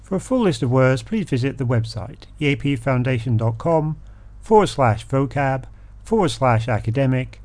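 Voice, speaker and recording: A man's voice: medium pitch, animated, a little mellow, no room sound. Man reading a word list, dry. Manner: measured, reads word lists steadily. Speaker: podcast host. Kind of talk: scripted educational narration.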